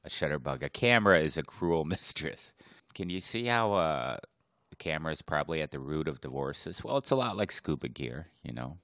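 A man's voice: extremely low pitch, animated, fairly quick, a bit bright, no room sound, studio quality. A man co-hosting a podcast in casual chat, wisecracking and laughing often. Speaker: podcast co-host.

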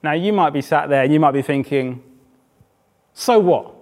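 A man from England preaching a sermon in a church, conversational and emphatic, with pauses for effect. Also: fairly high pitch. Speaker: pastor.

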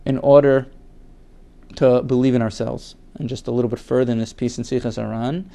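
A man's voice: medium pitch, normal speed, warm tone, smooth. A man teaching a Torah class in an earnest way, repeating words for emphasis and reading Hebrew quotes aloud before translating them.

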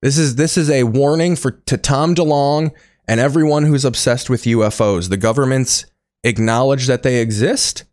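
A man's voice: mid-range voice, moderate pace, darkish tone, dry recording, studio quality. A man hosting a comedy show, riffing with sarcastic, profane commentary. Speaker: comedy podcast host.

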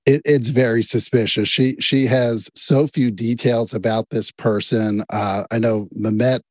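A man's voice: medium pitch, fairly even intonation, unhurried, no room sound. A man on staff at a radio show, interviewing a caller with direct, probing questions.

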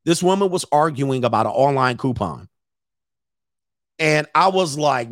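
A man acting as a coach hosts a relaxed livestream, cracking crude jokes, laughing a lot, and impersonating people as he tells stories; he's a host and dating coach. His voice is on the high side, animated and fairly bright, at a moderate pace, with clean studio sound and no room echo.

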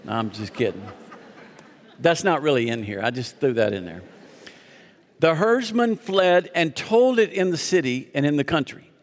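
This pastor's voice sits on the high side, expressive and at a moderate pace, as he preaches, reads scripture aloud, and leads the congregation in call-and-response with jokes on the side. He's in a church sanctuary with long, large-hall reverb.

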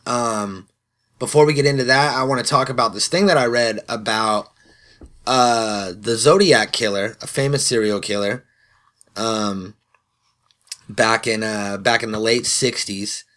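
A man's voice: on the low side, fairly even intonation, measured pace, a bit bright. Casual swearing podcast host, man. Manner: loose and swearing, self-mocking asides. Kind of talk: casual solo podcast intro. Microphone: studio podcast microphone.

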